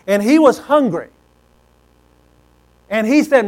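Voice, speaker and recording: A man's voice: sits high, expressive, unhurried, pauses often, poor audio. A man preaching a sermon in a folksy, conversational storytelling way.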